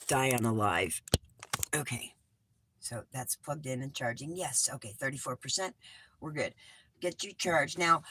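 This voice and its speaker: A woman's voice: low-pitched, bright, forceful tone, poor audio. A middle-aged woman from California chatting rambly and informally with her viewers from inside a small RV, calling them hun. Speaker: vlogger. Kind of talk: casual livestream chat.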